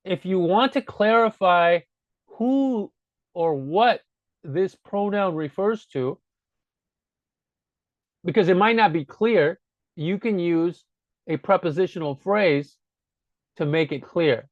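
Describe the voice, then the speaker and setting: A man with a slightly high voice walks through grammar points in a relaxed teaching style, patiently going back over each idea. The recording is dull and lo-fi, with a dry sound and no room echo. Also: takes it slowly, pauses often. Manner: patient, repeats points to drive them home. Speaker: language teacher. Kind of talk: casual spoken grammar lesson.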